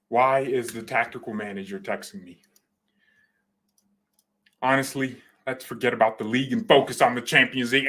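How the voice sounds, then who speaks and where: A man hosting a football fan channel, talking in an excited, joking way and sometimes shouting. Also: medium pitch. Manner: hyped and joking, shouting at times. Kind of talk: excited casual commentary.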